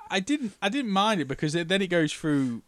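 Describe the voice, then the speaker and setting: A man's voice: sits high, big pitch swings, fairly quick, fairly bright tone, no room sound. A man co-hosting a podcast, talking through a film in rambling casual chat full of "you know". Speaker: podcast co-host.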